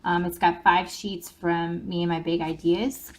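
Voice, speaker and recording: A woman's voice: lowish voice, level tone, measured pace, a little hiss or hum. A woman, chatting casually as she shows a crafting project in her own video. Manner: chatty, folksy, with fillers and small laughs.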